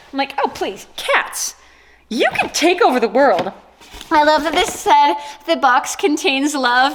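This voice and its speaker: Woman opening gifts on her vlog, excited, jokey, kinda high voice. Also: a little hiss or hum. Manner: gushing and playful, jokes and exclamations. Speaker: vlogger. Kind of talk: casual unboxing vlog.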